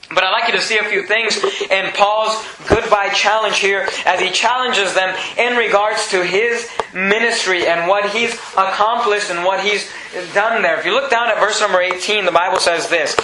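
Male preacher, high, piercing voice, repetitive building emphasis, roomy echo with faint hiss. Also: bright, forceful tone. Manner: preaches with rising emphasis, repeating phrases, acting out the apostle's words. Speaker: pastor. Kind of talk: verse-by-verse sermon.

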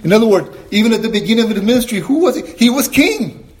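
Preaching emphatically, a high-voiced man with a darkish tone and a sing-song delivery asks his audience questions, then answers them himself. Scripture passages come out slower and lower. He often pauses to clear his throat between points.

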